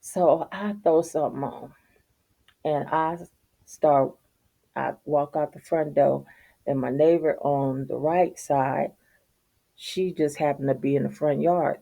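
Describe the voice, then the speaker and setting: A middle-aged woman telling a story in a casual, profane, animated rant, laughing as she goes. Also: deep voice, vocal fry. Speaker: vlogger.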